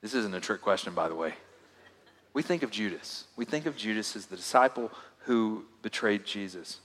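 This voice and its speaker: A male pastor preaching a sermon, swinging from loud emphatic lines to hushed, quiet asides. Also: on the low side, animated, normal speed. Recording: long hall reverb.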